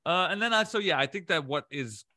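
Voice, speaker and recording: A man with a bright, forceful voice leads a casual podcast recap. He talks with energy and throws in a curse now and then. His sound is close and dry. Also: sits high, animated, a little fast, dry recording. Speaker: podcast host. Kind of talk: casual chat, recapping episodes.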